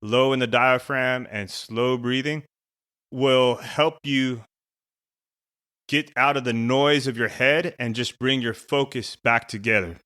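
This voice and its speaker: A man's voice: mid-range voice, steady tone, slow pace, bright, forceful tone, dry recording, studio quality. A middle-aged man, a former soldier turned coach, telling a personal story in casual podcast talk, full of "you know" and "right". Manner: conversational, many fillers like "you know" and "right". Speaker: former Navy SEAL and coach.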